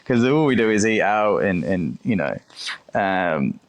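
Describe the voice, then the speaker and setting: A man's voice: deep voice, sing-song, unhurried. A man in his thirties, a chef who is a guest on a podcast, talking casually, swearing easily and acting out what others said. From United Kingdom. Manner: chatty, swears casually, acts out quoted speech. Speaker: chef and restaurant owner, guest. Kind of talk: casual interview chat.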